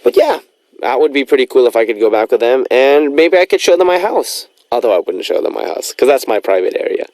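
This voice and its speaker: A man's voice: medium pitch, expressive, fairly quick, a little mellow, no echo. A young man hosting a radio show in a studio, chatting casually and rambling with lots of fillers.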